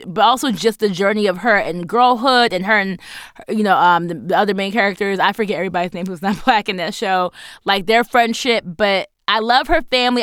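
Woman, podcast co-host, casual chat, smooth clear voice, laughs a lot, dry close sound. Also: medium pitch, fairly bright tone, no echo. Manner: laughs often, talks fast with fillers.

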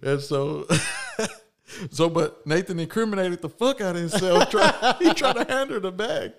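A man's voice: high voice, animated, a little slow, vocal fry. A man hosting a casual podcast, telling a long prank story with slang, swearing and frequent laughs. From Houston, Texas. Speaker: podcast host.

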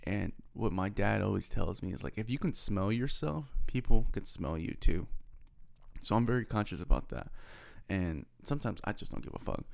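A man's voice: lowish voice, normal speed, gravelly. A young man from Houston telling a rambling, profane story in a casual monologue, acting out both sides of the conversations he recounts. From Houston, Texas. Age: young adult. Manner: rambling, profane, animated retelling with quoted dialogue.

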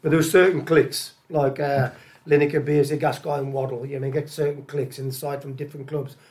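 An older man, a former footballer telling casual, animated stories as a podcast guest, repeating phrases often. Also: mid-range voice, fairly quick. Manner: animated, repeats phrases, lots of uh and you know what I mean. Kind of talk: casual anecdotal storytelling.

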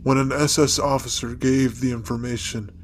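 A man playing an elderly grandfather with a guilty secret, speaking slowly and wearily in a dramatized story with music behind. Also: mid-range voice, flat delivery, a little hiss or hum, natural voice. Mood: confessional. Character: old dying grandfather, ex-SS officer in disguise. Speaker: narrated figure.

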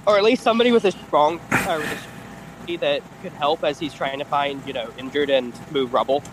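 A man playing a tabletop game, asking quick questions with restarts. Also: on the high side, noisy background. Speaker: player. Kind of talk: casual tabletop play.

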